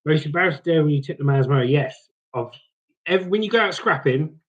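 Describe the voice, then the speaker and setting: A man's voice: fairly high pitch, animated, brisk, highs cut off, background noise. A man, casually chatting and telling scrapping stories while reading comments on a live stream. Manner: chatty storyteller, slips into mock accents. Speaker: livestream host reading chat. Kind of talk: casual chat.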